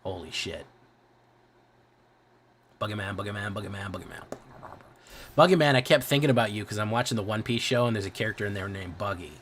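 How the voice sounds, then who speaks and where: A man's voice: lowish voice, expressive, rapid-fire, few pauses, a bit bright, slight background noise. A young man with a Midwest American accent, chatting casually and profanely on a game stream, often restarting his sentences. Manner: profane, rambling, self-correcting. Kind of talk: casual livestream chat.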